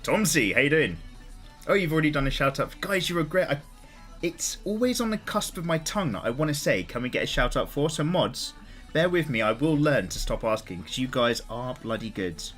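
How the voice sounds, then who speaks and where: A man's voice: fairly high pitch, big pitch swings, brisk, a bit bright, soft background music. A man chatting casually on a live stream while he draws, greeting viewers and swearing freely.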